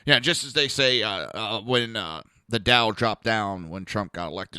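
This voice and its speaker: A man's voice: lowish voice, a little slow, few pauses, pushed and bright, clear, resonant tone, no room sound, studio quality. A middle-aged man hosting a podcast, ranting bluntly with profanity and mocking asides. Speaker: podcast host. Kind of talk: ranting political commentary.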